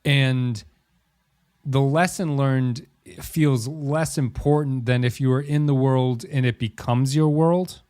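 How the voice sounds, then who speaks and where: A man's voice: mid-range voice, steady tone, slow, darkish tone, smooth, no room sound, clean studio sound. A man co-hosting a podcast in casual chat, rambling with many restarts and laughing easily. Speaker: podcast co-host.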